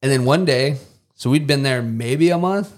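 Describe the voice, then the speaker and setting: A man's voice: mid-range voice, normal speed. A man who is a former Marine and contractor, telling stories casually as a guest and acting out quoted lines in a raised voice. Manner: animated storyteller who acts out quotes in a raised voice. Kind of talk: casual storytelling in a podcast interview.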